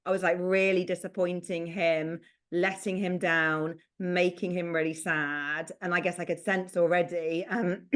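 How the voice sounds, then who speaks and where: A woman guest speaking in a thoughtful, gentle way, often searching for her words. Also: lowish voice, steady tone, unhurried. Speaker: guest therapist. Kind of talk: reflective conversation.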